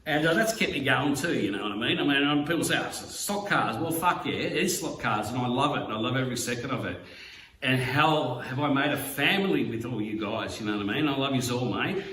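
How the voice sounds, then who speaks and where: An Australian man talks through a heartfelt message, halting on fillers and dropping the odd swear word. He sits well back from the mic in an echoey room. A faint hum runs underneath. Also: medium pitch, animated, pushed and bright. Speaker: slot car YouTuber. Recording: roomy, distant mic, faint background hum.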